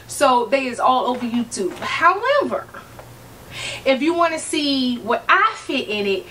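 Woman vlogger, 30s; chatty, sassy, quick to laugh; slightly distant mic. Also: high-pitched, expressive, a bit bright, slight background noise. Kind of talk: casual chat to camera.

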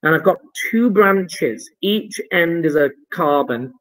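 Brief: male chemistry teacher, fairly high voice, jokey and upbeat while explaining homework. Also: expressive, takes it slowly, fairly bright tone, low-quality recording. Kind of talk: online homework review lesson.

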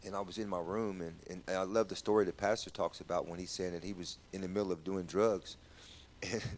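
Halting man giving church testimony. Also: low voice, steady tone, darkish tone. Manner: halting, repeats words, rises when stirred. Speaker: guest sharing testimony. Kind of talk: personal testimony in church talk.

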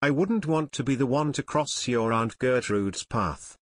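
A man's voice: mid-range voice, animated, measured pace, lightly acted. A man voicing a chubby, self-important teenage boy who complains, in a read-aloud story. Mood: whiny.

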